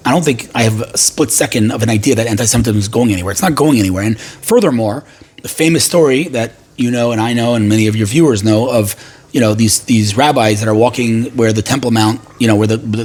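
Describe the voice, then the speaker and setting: A man talking as a podcast guest in an emphatic, passionate way, arguing rapid-fire points and retelling stories. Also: mid-range voice, a little mellow, husky. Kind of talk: passionate conversational talk.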